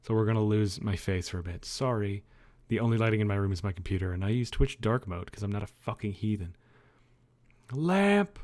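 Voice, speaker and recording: A man's voice: on the low side, fairly even intonation, fast, darkish tone. A man livestreaming from his bedroom, chatting loosely with viewers, rambling, joking and swearing. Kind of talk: casual chat with viewers. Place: own dimly lit bedroom.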